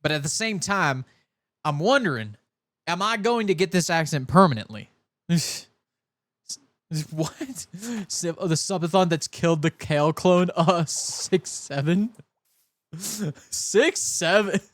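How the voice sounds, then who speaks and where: Young male streamer from California with a light cowboy drawl, keeps restarting his sentences, voice sits a bit high, dry close mic. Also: expressive, measured pace, a bit bright, no room sound. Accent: soft put-on Southern cowboy drawl. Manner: rambling, chatty, self-interrupting. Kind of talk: casual live-stream chat while gaming.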